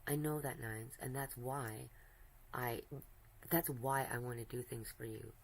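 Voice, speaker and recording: A woman's voice: extremely low pitch, fairly even intonation, measured pace, gravelly, low-quality recording. A woman streamer chatting casually while she draws, rambling and giggly, affectionate, often breaking off mid-sentence. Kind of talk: casual chat while drawing.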